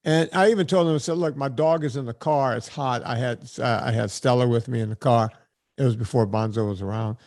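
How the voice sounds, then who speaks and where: A man's voice: medium pitch, a little fast, a little mellow. An older man hosting a podcast, telling a profane, exasperated story in casual chat. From California. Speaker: podcast host.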